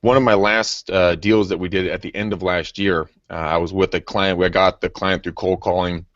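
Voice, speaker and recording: A man who works as a real estate agent, telling stories in a casual, animated way. He laughs often and acts out what people said. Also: low voice, moderate pace, no room sound, dull audio. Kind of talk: casual storytelling.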